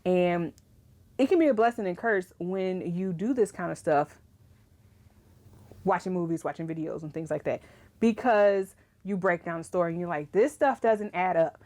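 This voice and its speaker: A young woman chatting casually to camera about writing, animated and ranting, laughing often. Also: on the low side, moderate pace, pauses often. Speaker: writing vlogger.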